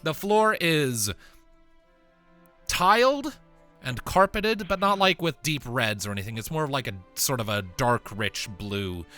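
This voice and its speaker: A man narrating a tabletop game as game master, chatty and quick to laugh, with faint music underneath. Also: mid-range voice, bright, forceful tone. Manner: laughs often, loose and chatty.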